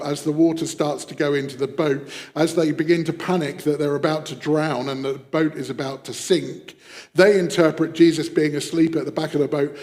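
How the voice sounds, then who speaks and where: A man preaching a devotional sermon, reflective, dropping his voice to a hush when voicing quoted prayers. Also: fairly high pitch, in a large hall. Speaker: pastor.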